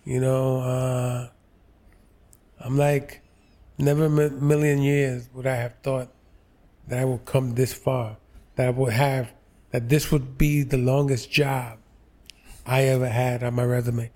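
A man in his sixties from New York's Lower East Side, an actor telling stories in an interview, slow and halting with many fillers. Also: flat delivery, a little mellow. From New York, Lower East Side. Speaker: actor, guest. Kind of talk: relaxed interview storytelling.

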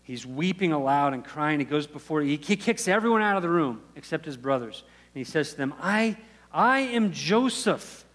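A man's voice: a little high, animated, fairly quick, few pauses. A man preaching a sermon, retelling a Bible story in a casual, conversational way, often acting out the people's lines and restarting his sentences. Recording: long hall reverb.

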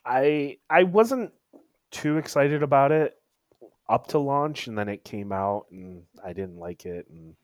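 A man chatting casually about video games. He is hesitant and trails off quietly at the ends of thoughts. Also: mid-range voice, lively intonation, a little slow, no echo, clean studio sound. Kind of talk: casual chat.

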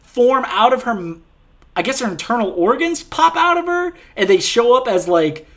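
A man's voice: extremely high pitch, expressive, normal speed, fairly bright tone. Man, casual podcast co-host; exasperated, profane ranting, voice swinging up and down a lot. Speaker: podcast co-host reviewing a film. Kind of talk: casual chat.

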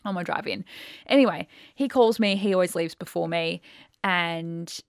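A woman co-hosting a podcast, chatting casually and telling a story with animated quoted voices. Her voice sits a little low. It sounds dry and close. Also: moderate pace, dry recording. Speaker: podcast co-host.

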